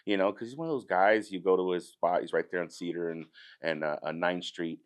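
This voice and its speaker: A man's voice: deep voice, fairly quick. A man, a barbecue business owner chatting as a guest and telling stories. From Southern California. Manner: relaxed, rambling storyteller who acts out others' lines. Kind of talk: casual chat.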